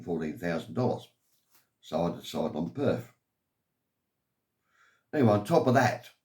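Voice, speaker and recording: An older Englishman with a low, darkish voice tells his life story as a vlogger. The tale is long and meandering, delivered in an aggrieved tone, and he keeps saying "anyway."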